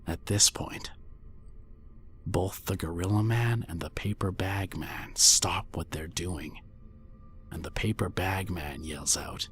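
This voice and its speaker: A man reading a scripted creepypasta horror story in a hushed voice that often drops to a near whisper. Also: sits low, slightly rough. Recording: faint music bed under voice.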